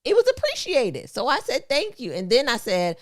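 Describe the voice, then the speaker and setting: A woman in her thirties with tells stories and holds her ground. Her pitch leaps around as she talks, and her voice is close and dry. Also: moderate pace, no room sound. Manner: animated storyteller, firm and sassy. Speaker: podcast co-host. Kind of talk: casual couple banter.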